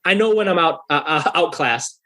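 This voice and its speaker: Animated swearing man in his thirties. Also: fairly high pitch, normal speed. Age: 30s. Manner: animated, swearing, acts out quoted voices loudly. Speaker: guest musician. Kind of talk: casual storytelling in a podcast interview.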